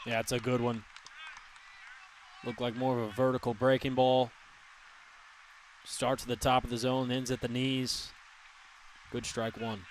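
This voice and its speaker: Flat-voiced male baseball color commentator. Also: mid-range voice, unhurried, pauses often, a little hiss or hum. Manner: relaxed, analytical, level delivery.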